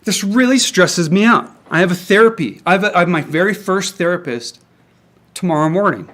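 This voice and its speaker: A man's voice: high voice, expressive, a little fast, fairly bright tone. A young man angrily ranting to camera about markets, swearing often and stumbling over restarts. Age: young adult. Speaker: independent crypto commentator. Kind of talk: angry solo rant to camera. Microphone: camera mic.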